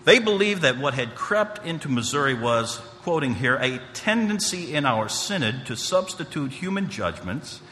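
A man giving a church history lecture, reading quotations with measured emphasis and occasional restarts. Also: mid-range voice, big pitch swings, pushed and bright. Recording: long hall reverb, faint ambient noise.

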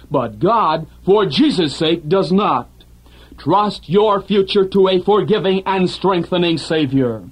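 A man delivering a scripted radio sermon in an earnest, measured preaching manner. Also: high voice, rough recording.

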